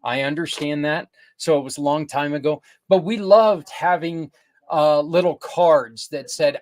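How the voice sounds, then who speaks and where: Older male podcast host, higher-pitched, earnest and rambling, casual promotional delivery with self-corrections. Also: fairly even intonation, normal speed, a little mellow.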